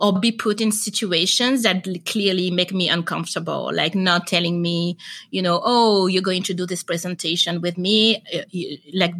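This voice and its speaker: Young woman, podcast guest; lower voice, bright tone, animated storyteller. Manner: animated storytelling with quoted dialogue. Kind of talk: casual interview chat.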